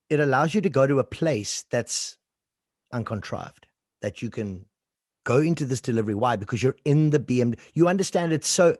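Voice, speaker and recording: A man's voice: medium pitch, darkish tone, slightly rough, dry recording, studio quality. An exuberant man with a South African accent, a voice-over coach answering interview questions and acting out sample reads. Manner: exuberant, sings out sounds and demonstrates reads.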